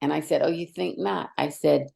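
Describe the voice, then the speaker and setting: A middle-aged woman, a longtime educator, telling animated stories in a direct, emphatic way as a podcast guest. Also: low voice, normal speed, gravelly. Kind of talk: storytelling in conversation.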